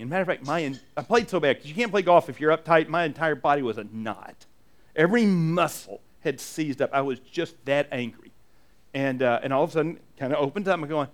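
A man preaching a sermon, telling a personal story with animated, restart-heavy delivery. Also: on the high side, fast. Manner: animated storytelling, acts out inner dialogue; many restarts and repeated "and". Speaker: pastor.

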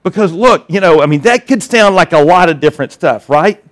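High-voiced animated male pastor preaching. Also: a little fast. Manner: animated, acts out scripture voices, many restarts. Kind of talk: sermon.

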